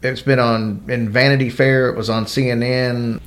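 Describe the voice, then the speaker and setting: A man of middle pitch co-hosting a loose chat show. He rambles through stories, jokes along the way and restarts his sentences often. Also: level tone, moderate pace. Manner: rambling, joking, many restarts. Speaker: podcast co-host. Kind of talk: casual chat about celebrity stories.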